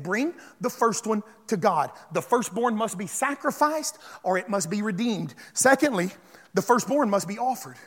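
A man preaching a sermon as pastor, calling on the congregation to respond and building up to shouts. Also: high voice, long reverb tail.

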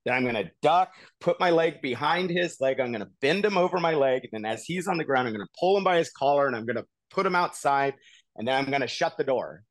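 A man's voice: mid-range voice, fast talker, dry recording. Chatty man telling a story, dry sound. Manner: animated, full of "like" and "you know". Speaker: podcast co-host. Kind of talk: casual storytelling.

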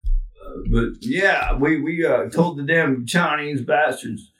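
Guy doing a bragging folksy politician, halting drawl, kinda far off in a roomy space. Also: a little high, fairly bright tone. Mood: swaggering. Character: boastful folksy male politician, swaggering. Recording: echoey room, away from mic.

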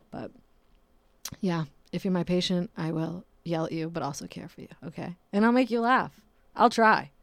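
A woman's voice: on the low side, vocal fry, no room sound. A woman hosting a casual solo podcast and talking about her work as a nurse, blunt and profane, rambling with frequent fillers. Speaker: podcast host.

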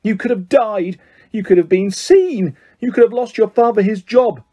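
A man reading aloud, voicing a fierce but caring witch mother who scolds her sons in a shrill voice. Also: expressive, brisk, breathy edge. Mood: furious scolding. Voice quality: shrill, rising to shouts. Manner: fretful, sharp-tongued.

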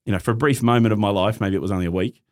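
A man's voice: lowish voice, racing. A middle-aged man with an Australian accent, telling a personal story in casual chat as a podcast guest, acting out the voices in it. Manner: animated, acts out quoted voices, laughs often.

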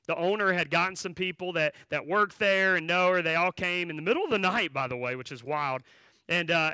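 Bright, forceful male pastor. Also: high voice, clean tone, dry recording. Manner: conversational, with filler words and restarts while telling a story; emphatic, direct appeals to the congregation. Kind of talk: sermon storytelling.

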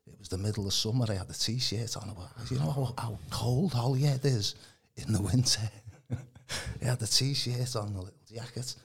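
A man from Birkenhead, England, speaking at a medium pitch and normal speed, rambles casually through his testimony as a podcast guest. His speech is full of colloquial fillers, and his voice is very husky and gravelly.

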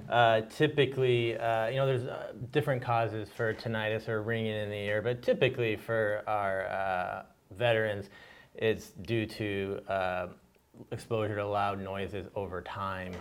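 A man's voice: on the low side, clean tone. A man, a doctor co-hosting a casual medical chat, explaining plainly with fillers and the odd joke. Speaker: doctor and co-host.

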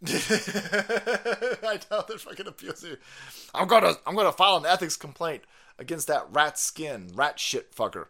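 A high-pitched man rants on a live stream, his voice swooping up and down as he mocks and swears. He talks in a crude, scoffing way and keeps breaking into laughter. It sounds like a close home streaming mic. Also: animated, moderate pace, bright, forceful tone. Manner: crude, mocking, laughs often. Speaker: podcast host. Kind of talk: profane comedic political rant.

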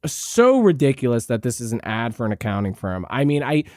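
A man's voice: medium pitch, sing-song, a little fast, a little mellow, no room sound. Man, podcast host, sarcastic rant, profane, rambling, dry close sound. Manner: frequent restarts and fillers. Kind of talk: ranting commentary.

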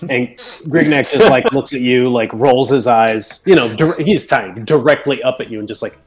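A man's voice: medium pitch, normal speed. A man playing a tabletop game, narrating his character's reactions in casual table talk.

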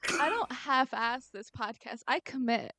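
A young adult woman co-hosting a podcast, chatting in an animated, jokey and self-deprecating way. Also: high-pitched, moderate pace, dry recording. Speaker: podcast co-host. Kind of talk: casual chat.

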